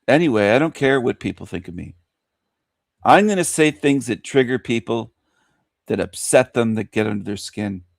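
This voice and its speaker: A man's voice: mid-range voice, animated, normal speed, vocal fry, no room sound. Man, radio host, shock-jock rant, crude, laughing, dry close sound. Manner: crude, ranting, laughs at own jokes.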